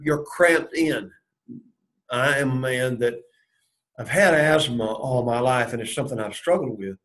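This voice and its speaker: A Bible class teacher with a mid-range voice leads a Bible study, working through the verses and posing questions he then answers himself. The audio quality is poor.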